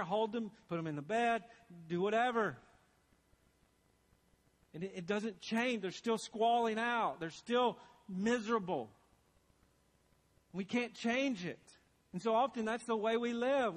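A man preaching a sermon to his congregation in a church, earnest and emphatic, driving his points home by repeating key phrases. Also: high voice. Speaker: pastor.

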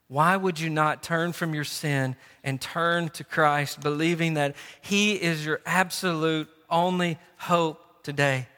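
Impassioned high-voiced male preacher. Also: sharp tone. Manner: impassioned, rhetorical questions. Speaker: pastor. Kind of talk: sermon. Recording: long church reverb.

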